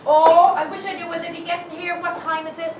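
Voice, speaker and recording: A woman's voice: very high-pitched, flat delivery, brisk. A woman playing a fretful Irish housewife. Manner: fussing, talking to herself. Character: fretful woman preparing a wake. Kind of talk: amateur stage comedy acting. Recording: echoey hall, distant mic, noisy.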